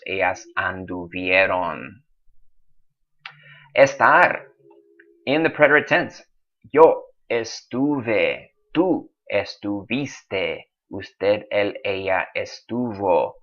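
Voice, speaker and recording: A man teaching a Spanish lesson, slowly drilling verb forms and then explaining them in a casual, chatty way. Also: on the low side, a bit bright. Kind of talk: recorded classroom lesson. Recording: dull lo-fi recording.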